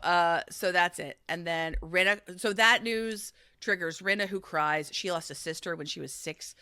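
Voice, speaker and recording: A woman co-hosting a podcast in casual chat, retelling a show with animated storytelling and acted-out quotes. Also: fairly low pitch, moderate pace, clean tone, no echo, clean studio sound. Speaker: podcast co-host recapping a reality show.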